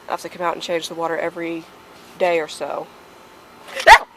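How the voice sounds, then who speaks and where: A woman's voice: sits low, little pitch movement, quick pace, vocal fry. Chatty young woman vlogging outdoors. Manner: chatty, rambling with many fillers. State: out of breath. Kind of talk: casual vlog talk to camera. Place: outdoors beside a house, partly in a car. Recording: outdoor phone recording with background noise.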